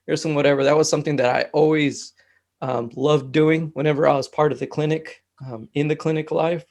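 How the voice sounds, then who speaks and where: A man's voice: fairly high pitch, fairly even intonation, moderate pace, darkish tone. A man talking in a casual conversation, easygoing and rambling, with lots of fillers.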